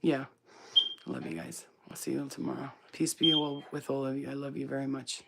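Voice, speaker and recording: A woman hosting a casual live stream, chatty and affectionate, who coos at her pet in a high baby voice. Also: level tone, fairly quick, gravelly, heavy background noise. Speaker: spiritual reader, channel host.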